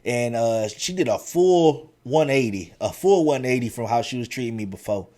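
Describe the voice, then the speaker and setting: A man hosting his own podcast and telling stories from his school years in a slangy, animated, casual way, with many restarts. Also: medium pitch, normal speed. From central Ohio. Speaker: podcast host. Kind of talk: casual storytelling monologue.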